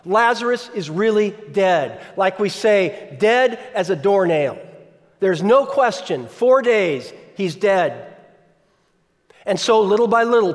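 A man preaching a sermon as pastor, conversational, often asking the congregation questions. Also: high voice. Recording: long reverb of a large hall.

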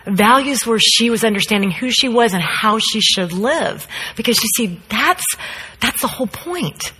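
A woman's voice: on the high side, moderate pace, husky. A woman, a mother, telling a story in a sermon and acting out quotes. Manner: animated storyteller, acts out quotes. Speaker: speaker, mother. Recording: long hall reverb.

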